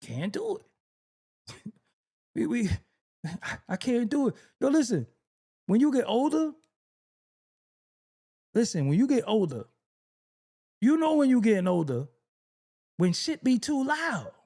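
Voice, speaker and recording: Middle-aged New man riffing in a loose comedic monologue, gravelly voice with lively pitch swings. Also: unhurried, pauses often. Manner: animated storytelling, acts out exasperated voices, laughs often. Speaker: rapper talking on camera.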